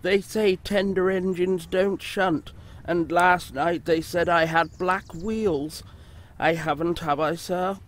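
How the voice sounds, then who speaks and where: A man voicing a gentle, kind male steam engine in a storybook reading, with a mild, plaintive manner. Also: high voice, steady tone, slow, voice pushed up. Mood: sad. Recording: noisy background hiss.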